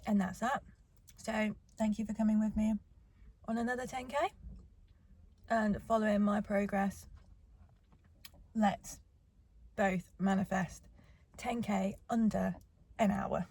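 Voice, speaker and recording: A woman's voice: mid-range voice, little pitch movement, slow pace, pauses often, darkish tone, breathy edge. A young woman chatting casually to her phone camera in a car park after a race, rambling and upbeat. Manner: chatty, rambling, cheerful self-talk. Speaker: vlogger. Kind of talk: casual vlog chat.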